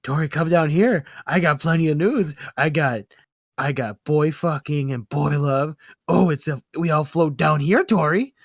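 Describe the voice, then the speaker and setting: Guy doing a creepy clown monster voice, slow and coaxing, kinda sing-song, dry sound. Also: fairly high pitch, dry recording. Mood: teasing. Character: creepy taunting male clown monster luring victims. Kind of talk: comedic impression in podcast banter.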